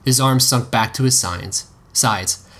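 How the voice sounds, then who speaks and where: A man's voice: mid-range voice, slow, a bit bright. A man narrating a story aloud, reading steadily with occasional slips and restarts.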